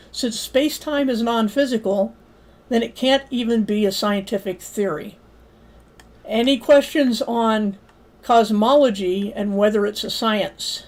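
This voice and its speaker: A woman teaching a livestreamed Bible study in an argumentative lecturing manner, pausing to ask viewers for comments. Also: a little high, darkish tone.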